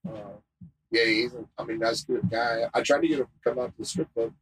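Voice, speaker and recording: A man guesting on a casual podcast, excitable and profane, saying "bro" a lot. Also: medium pitch, fairly quick, background noise. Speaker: podcast guest and tattoo shop owner.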